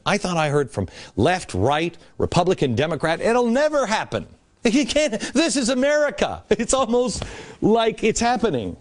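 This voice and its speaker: Guy doing a sarcastic tv rant, kinda high voice, bounces all over the place. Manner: mocking, theatrical swings between high and low voice. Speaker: TV political commentator. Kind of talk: sarcastic opinion monologue.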